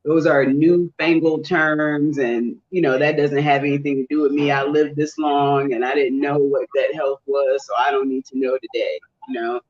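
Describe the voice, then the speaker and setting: A man introduces a discussion topic in a measured, explanatory way. His voice sits slightly high for a man. The recording is dull and lo-fi. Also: flat delivery. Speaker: podcast co-host. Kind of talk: casual discussion.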